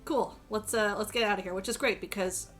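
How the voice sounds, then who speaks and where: A woman's voice: medium pitch, steady tone, brisk, a bit bright, faint music behind. A woman streaming a game, reading the dialogue aloud with joking, crude asides and a strained voice.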